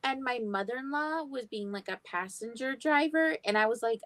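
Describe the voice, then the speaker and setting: She hosts a livestream, a young woman whose voice is on the high side, animated and a bit bright, moving at a moderate pace with hardly any pauses and no room sound. In casual chat she tells stories, swears openly and acts out quotes.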